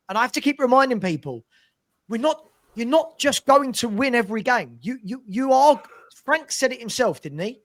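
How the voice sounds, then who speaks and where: A man's voice: very high-pitched, lively intonation, moderate pace. A man on a fan podcast panel, emphatic and cautioning in casual football debate.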